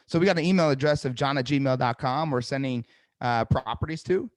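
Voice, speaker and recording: A man's voice: mid-range voice, a little fast, no echo, clean studio sound. A middle-aged man coaching salespeople in a live webinar, talking directly and energetically and often checking in with "right?". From New Jersey. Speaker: sales trainer.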